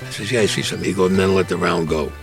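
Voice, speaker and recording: His voice is deep and racing over music as this Brooklyn, New York native recalls Vietnam in an interview. A gruff, blunt storyteller, he speaks in street talk and acts out the dialogue of his war stories.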